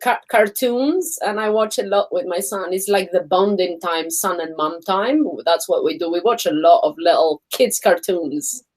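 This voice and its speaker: A woman co-hosting a casual live chat stream, telling animated stories, acting out other people's voices and laughing often. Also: lowish voice, normal speed, hardly any pauses, low-quality recording.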